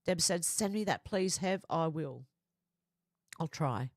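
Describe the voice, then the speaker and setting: An Australian woman hosts a casual livestream, reading viewer comments aloud and chatting back. Her voice sits a little low, and the sound is dry and close with no room around it. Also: takes it slowly, no room sound. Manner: chatty, reads comments aloud in a lively quoting voice. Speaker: livestream host.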